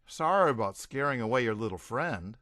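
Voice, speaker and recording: A sly, confident mermaid woman, teasing and matter-of-fact, as a male narrator puts her on. The delivery is bright and lively in a dry, close recording. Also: mid-range voice, brisk, no echo.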